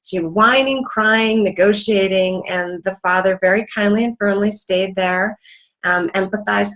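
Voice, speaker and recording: A woman's voice: mid-range voice, steady tone, a little slow, fairly bright tone, rough recording. A middle-aged woman teaching about parenting through a story, earnest, with frequent ums and restarts. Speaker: parenting educator. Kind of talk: teaching talk with an anecdote.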